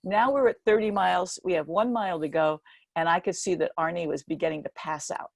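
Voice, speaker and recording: An older American woman giving a speech, telling a personal story in a lively way and acting out the quoted voices. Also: fairly quick, creaky, no room sound. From United States. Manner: lively storyteller, acts out quotes with animated jumps in pitch. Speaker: keynote speaker.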